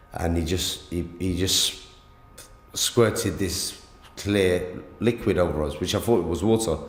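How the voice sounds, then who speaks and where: A man giving an emotional first-person account of an attack, halting with many stammered restarts, recorded in a hospital room. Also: deep voice, echoey room. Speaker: interviewee, attack victim.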